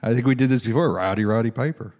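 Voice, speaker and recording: A man co-hosting a casual comedy podcast, quick with puns and one-liners. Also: medium pitch, a little mellow. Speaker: podcast co-host.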